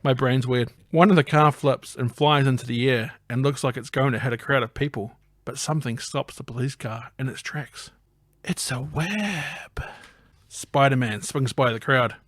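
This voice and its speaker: Man narrating a film recap with deadpan jokes. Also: mid-range voice, normal speed, dry recording, studio quality. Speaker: podcast host.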